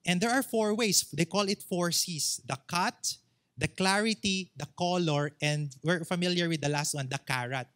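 A man's voice: sits high, normal speed, fairly bright tone. Filipino-accented male pastor preaching emphatically. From Philippines. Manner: switches between English and Tagalog, emphatic repetition. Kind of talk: sermon.

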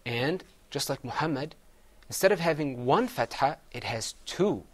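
A man's voice: a little high, expressive, moderate pace. A man teaching Quran recitation, patiently having his students repeat words after him. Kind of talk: classroom recitation lesson.

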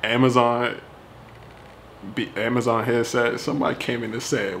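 A man doing a casual tech review vlog, animated and slangy, talking straight to his viewers. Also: mid-range voice, moderate pace, gravelly, slight background noise.

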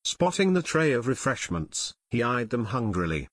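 Steady male audiobook narrator, dry. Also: mid-range voice, moderate pace, no echo. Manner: steady, even storytelling. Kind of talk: scripted narration.

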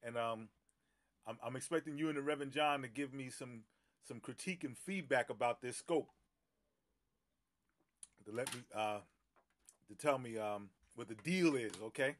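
A man's voice: medium pitch, moderate pace, pauses often, a bit bright, slight background noise. A middle-aged man, a pastor, chatting casually on a phone live stream, greeting viewers by name with many fillers and easy laughs. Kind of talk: casual live-stream chat before a Bible teaching.

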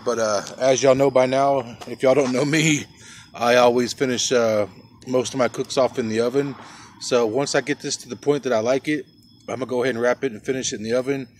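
A man's voice: mid-range voice, fairly even intonation, fairly quick, a little hiss or hum. A man hosting a casual barbecue cooking vlog outdoors, chatty and folksy, talking to his viewers as folks and y'all. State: coughing from pepper rub. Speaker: barbecue channel host. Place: outdoors by a smoker.

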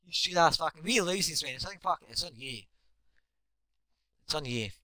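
A young man giving live commentary on his own basketball video game, excitable and swearing constantly as he yells at teammates. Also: a little high, a little fast, dry recording. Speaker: gamer.

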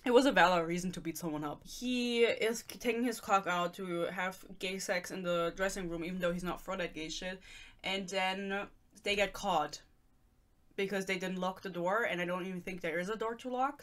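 A woman's voice: lowish voice, steady tone, moderate pace. A young woman from Germany, ranting sarcastically in casual chat as she reviews a book. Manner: sarcastic, ranting, reads excerpts aloud. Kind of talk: casual rant.

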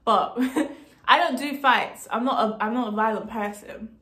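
A young woman tells her story to camera in a bright, high voice, exasperated and swearing as she vents. Her delivery is animated and casual. The recording carries a noticeable room echo. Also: measured pace. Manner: indignant, animated, swears freely. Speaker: vlogger telling a story. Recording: roomy echo.

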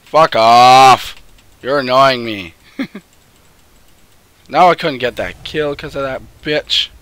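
Animated young man streaming a game. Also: mid-range voice, slow pace, no room sound. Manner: excitable, swearing, laughing, talking to teammates on screen. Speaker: gamer streaming gameplay. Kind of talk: casual gameplay commentary. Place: home, early morning, no camera.

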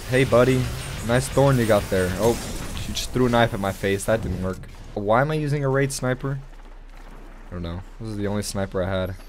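A young man giving casual gameplay commentary, excitable and swearing, with sudden loud outbursts. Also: fairly low pitch, brisk, over music. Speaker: gaming channel host.

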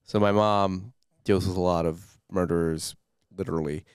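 A man's voice: sits low, steady tone, moderate pace, smooth, no echo, studio quality. A man co-hosting a comedic history podcast, chatting casually and rambling through jokes and silly voices. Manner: jokey, rambling, breaks into silly character voices. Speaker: podcast co-host.

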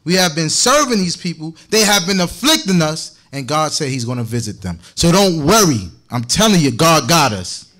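Upbeat male preacher, joking, laughing, fairly high voice. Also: sing-song, moderate pace, few pauses, a bit bright. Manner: playful, laughing, chatty. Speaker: congregation teacher. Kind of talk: joking sermon talk.

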